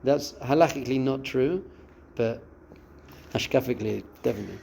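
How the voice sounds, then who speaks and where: Gravelly rabbi teaching. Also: male voice, medium pitch, normal speed, a little hiss or hum. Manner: expressive, acts out inner voices and quotes. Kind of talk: spiritual lesson.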